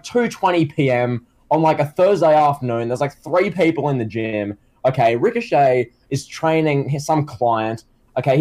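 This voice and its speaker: A male podcast co-host with a slightly higher-than-average voice. He tells loose, rambling stories packed with "like" and false starts, in a casual, joking way. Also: darkish tone. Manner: rambling, filler-heavy storytelling. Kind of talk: casual comedic podcast chat.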